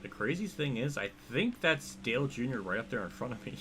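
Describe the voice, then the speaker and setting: A man's voice: medium pitch, very animated, a little fast, background noise. A man with a Pennsylvania accent giving live commentary while streaming a racing game, rambling and self-deprecating as he reacts to chat.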